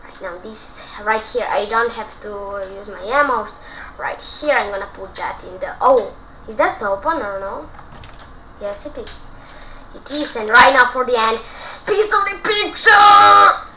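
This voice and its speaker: Young woman, high bright voice, unhurried, jumpy horror-game commentary with faint room hum. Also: low-quality recording. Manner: excitable, shouts and whispers under stress, talks to viewers. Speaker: gaming YouTuber.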